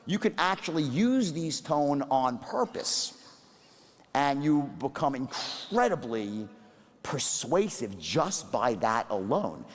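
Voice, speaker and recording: A man teaching sales at a live seminar, animated and profane, demonstrating different tones of voice. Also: medium pitch, slow pace. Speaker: sales trainer. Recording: reverberant hall.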